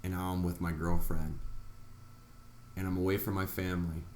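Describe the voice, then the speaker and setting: Man, vlogger, very low voice, earnest storytelling, roomy echo, faint background hum. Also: level tone, normal speed, a little mellow. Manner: earnest, retelling events with quoted reactions. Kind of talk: personal storytelling vlog.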